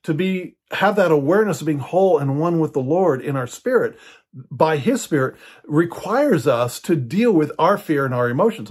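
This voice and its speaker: A man's voice: fairly high pitch, darkish tone, breathy edge. An older man preaching, telling a personal story in a conversational way with frequent fillers and restarts. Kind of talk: personal teaching talk.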